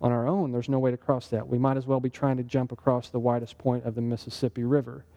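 In a mellow, relaxed, mid-range voice, a man leads a Bible study that feels more like a casual teaching session than a formal sermon. He speaks in an easy, conversational way, an interactive sermon style, and keeps checking in with listeners through quick questions.

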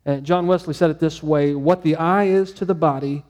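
A male pastor preaching a conversational sermon, animated and acting out his own inner dialogue. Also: fairly high pitch, moderate pace, big-room sound.

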